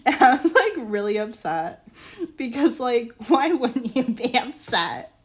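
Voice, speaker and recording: A young woman streaming while she works on ceramics, telling a story in animated casual chat with many "like"s and bursts of laughter, sounding exasperated and incredulous. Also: on the high side, a little slow.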